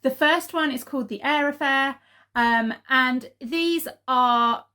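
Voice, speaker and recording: A fairly high-voiced woman talking straight to the camera at home. She rambles in a loose, chatty way, filling pauses with ums and the odd little laugh. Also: pushed and bright. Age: adult mother. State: out of breath. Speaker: vlogger. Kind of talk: casual chat to camera.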